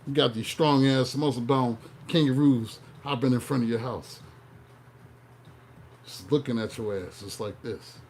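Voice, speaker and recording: A man talks through a tarot reading in a casual, profane way, wandering off into comic stories. His voice sits at an ordinary middle pitch. A faint hum of noise runs underneath. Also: measured pace, darkish tone. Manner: profane, joking, digressive storytelling. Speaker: tarot reader.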